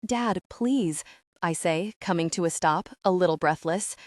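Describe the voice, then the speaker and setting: A woman narrates a first-person audiobook with a lowish voice. Her reading is tense and urgent and climbs at the shouted lines. The sound is dry and close. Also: fairly even intonation, moderate pace, no room sound.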